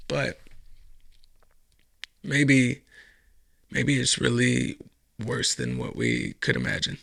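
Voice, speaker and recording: A man's voice: medium pitch, creaky, pushed and bright. A man hosting a solo podcast, ranting in a profane, mocking commentary monologue. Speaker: podcast host.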